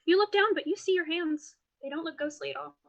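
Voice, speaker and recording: A woman narrating a tabletop game as game master in a lively, playful way. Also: extremely high pitch, fast, vocal fry, dull audio.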